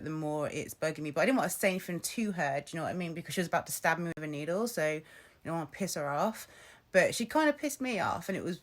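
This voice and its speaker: A young woman vents to her camera in a casual, chatty rant. Her voice sits a little low, and she swears freely, with quick laughs between stories. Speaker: vlogger.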